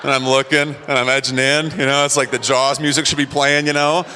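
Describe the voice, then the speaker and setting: A man giving a motivational talk, telling personal stories in an animated way and acting out quotes. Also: mid-range voice, brisk, long reverb tail, a little hiss or hum. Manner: animated, acts out quotes, laughs at himself. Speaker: motivational speaker. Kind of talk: storytelling talk to an audience.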